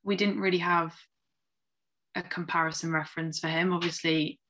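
Low-voiced woman reasoning aloud. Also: level tone, moderate pace, a bit bright. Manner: thoughtful, reasoning aloud with many "like" fillers. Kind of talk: casual chat.

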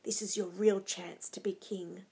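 A woman's voice: mid-range voice, fairly even intonation, unhurried, warm tone, husky, pitched below the performer's own voice. A woman voicing a scheming, ruthless noblewoman who coaxes, commands and scorns, read aloud from a storybook.

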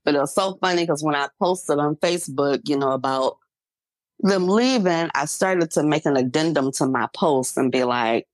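A middle-aged woman co-host with a low voice talks in a loose, chatty way, full of fillers and little laughs. She is recorded close and dry, with no room sound. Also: normal speed, no room sound. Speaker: podcast co-host. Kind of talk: casual chat.

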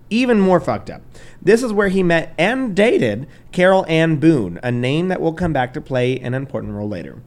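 A man's voice: on the high side, very animated, normal speed, darkish tone. Casual, cursing male podcast host. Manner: loose, swearing, stumbles over names, laughs a lot. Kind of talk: casual true crime chat.

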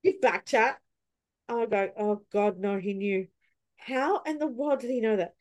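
A woman hosting a casual podcast chat, telling stories and acting out her own reactions. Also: unhurried. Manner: animated, acts out her own past reactions with sudden high cries. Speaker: podcast host.

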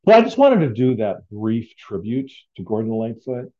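A man's voice: mid-range voice, big pitch swings, normal speed, dull audio. A man hosting a casual solo podcast, rambling and heartfelt with many fillers. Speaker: podcast host.

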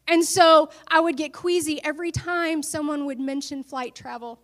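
A woman's voice: very high voice, normal speed, few pauses, fairly bright tone. A woman preacher giving an earnest sermon that builds to emphatic declarations.

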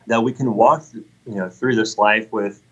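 A man's voice: lowish voice, steady tone, moderate pace, muffled recording. A man in his thirties telling an earnest, heartfelt personal faith testimony in conversation. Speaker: guest sharing a testimony.

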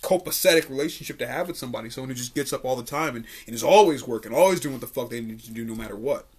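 A man's voice: mid-range voice, racing, husky. A young man from Richmond, Virginia, hosting a podcast and telling stories in a laid-back, swearing way, full of likes and uhs. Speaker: podcast host, comedian. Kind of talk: casual storytelling chat. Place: studio.

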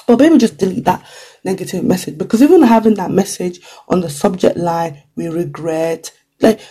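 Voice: mid-range voice, normal speed, warm tone, slightly rough. A vlogger talking casually to camera with lots of "like" and "you know", now and then acting out short quotes. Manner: chatty, full of "like" and "you know", acts out little quotes. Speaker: vlogger giving career advice.

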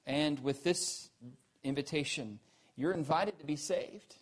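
Man with a high voice preaching; earnest, questioning, swings from emphatic to quiet. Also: measured pace. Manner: rising to emphatic peaks, then dropping low and quiet; earnest, asks the listeners questions. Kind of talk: sermon.

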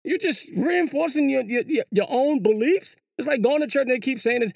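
A vlogger giving a casual monologue commentary. The delivery is animated and sing-song, full of slang, rhetorical questions and repeated words. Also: high voice, brisk, creaky, no echo, clean studio sound. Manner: slangy, says "yo" and "you know" often. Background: hip hop music.

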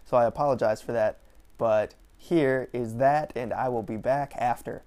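A man's voice: medium pitch, fairly even intonation, normal speed, a little mellow. A man hosting a podcast, telling stories in a chatty, rambling way with lots of fillers and restarts. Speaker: podcast host. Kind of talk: casual storytelling monologue. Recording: distant mic with faint background noise.

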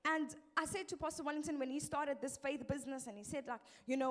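A middle-aged woman, preaching a sermon in a lively, emphatic way and acting out the people she quotes. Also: high-pitched, fast talker, hardly any pauses. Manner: lively, emphatic, quotes others in changed voices. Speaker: pastor's wife preaching.

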